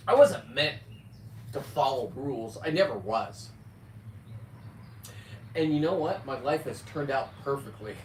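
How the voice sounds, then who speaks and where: A man in his fifties talking casually on a live stream, rambling with loud outbursts and frequent swearing. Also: medium pitch, lively intonation, a little slow, pauses often, slight background noise. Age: 50s. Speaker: livestreamer reading viewer comments. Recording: echoey, distant from the mic.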